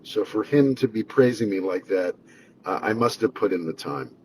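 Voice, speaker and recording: A man's voice: on the low side, lively intonation, normal speed, darkish tone, a little hiss or hum, rough recording. A man, a singer-songwriter and radio host, speaking a conversational, reflective tribute with fillers. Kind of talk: spoken tribute.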